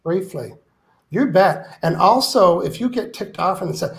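A man with a high-pitched, vocal-fry voice talks at normal speed as a guest author in an interview. His delivery is animated, emphatic and playful, and he acts out quoted complaints.

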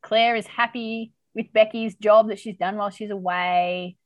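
A woman's voice: mid-range voice, normal speed, dry recording, dull audio. Woman, podcast host, casual recap, dry close mic. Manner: chatty, animated retelling with voiced quotes.

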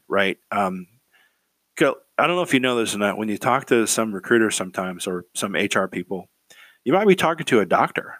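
A man talks through career advice in a loose, rambling monologue. His voice sits low, and he keeps repeating himself and tossing in "right?" to check in with the listener. The recording is dry, with no room sound. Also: expressive, fairly quick, fairly bright tone, dry recording.

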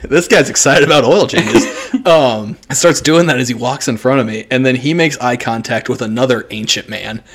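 A man from the American Midwest casually telling a story on a podcast, animated, swearing freely, and mimicking people in exaggerated voices. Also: medium pitch, moderate pace. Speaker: podcast co-host.

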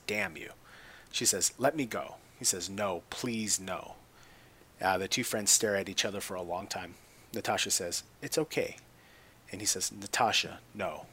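A man casually retelling a film's plot, pausing often with fillers like "uh" and "um.". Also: lowish voice, sharp tone, a little hiss or hum. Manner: halting retelling with many fillers. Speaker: narrator.

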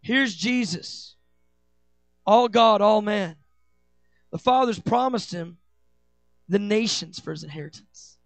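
A man preaching a sermon with passion, acting out quoted dialogue with big swings between soft and loud. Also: unhurried, pauses often, no room sound, faint music behind. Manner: impassioned, acts out quoted dialogue with big swings in pitch and loudness.

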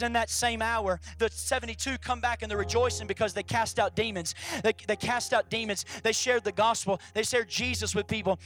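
A pastor preaching a sermon at a church service, animated and swinging between loud and hushed delivery. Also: mid-range voice.

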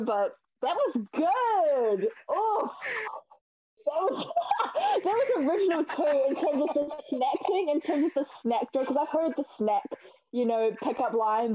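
A woman's voice: sits high, dark tone, no echo, lo-fi sound. A woman from New Zealand, a guest on a dating game, chatting casually and laughing often. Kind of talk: casual chat.

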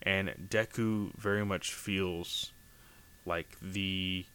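Deep-voiced, smooth man recapping manga. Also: steady tone, drawn-out words, pushed and bright. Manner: earnest and heartfelt, heavy use of fillers. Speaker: podcast host recapping manga chapters. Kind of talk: casual recap commentary.

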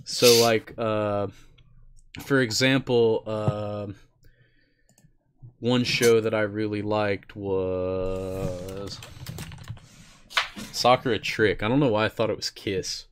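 A man's voice: on the low side, fairly even intonation, slow, pauses often, slight background noise. A young man co-hosting an anime chat, talking casually and rambling with fillers and the odd swear word. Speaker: podcast co-host.

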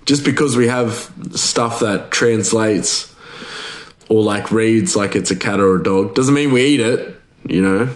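Man in his thirties, lower pitch, loose rambling podcast host who laughs through his stories. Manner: rambling, laughs often, many fillers and restarts. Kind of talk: casual rambling chat.

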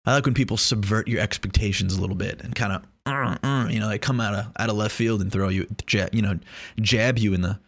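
Young man, casual monologue, rambling, profane, joking, lowish voice. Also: quick pace, a bit bright, dry recording, clean studio sound.

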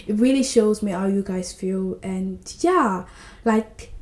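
A woman hosting a book podcast, retelling scenes with lively character voices in casual chat. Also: medium pitch, slow, roomy sound.

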